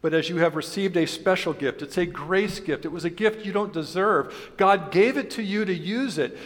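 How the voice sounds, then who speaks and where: A man's voice: high-pitched, fairly bright tone. A male pastor preaching a sermon in a conversational way, asking the congregation questions and mixing in humor. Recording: long reverb of a large hall.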